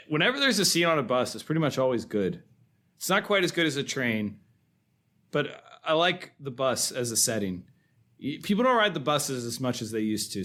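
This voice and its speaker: A man's voice: mid-range voice, a bit bright. A man co-hosting a film podcast, talking casually and chuckling as he recounts scenes. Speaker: podcast co-host.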